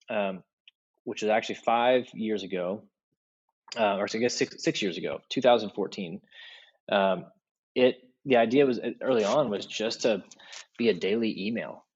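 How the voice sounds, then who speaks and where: A middle-aged man talks as a podcast guest, husky and fairly low-pitched. The recording is dull and lo-fi. He tells stories in a relaxed, animated way. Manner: animated, acts out quoted voices in stories. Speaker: podcast guest, leadership speaker. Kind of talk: casual interview storytelling.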